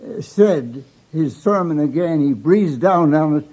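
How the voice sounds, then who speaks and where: A man's voice: fairly high pitch, expressive, measured pace, dark tone, poor audio. Older newfoundland guy telling funny yarns, folksy, chuckles a lot. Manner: folksy, chuckles at his own punchlines, voices characters in dialect. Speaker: storyteller. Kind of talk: live humorous storytelling.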